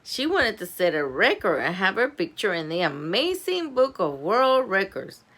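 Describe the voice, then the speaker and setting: A woman reading a children's chapter book aloud at home, animated and giggly, stopping to chat about the story. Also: medium pitch, moderate pace. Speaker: storybook reader.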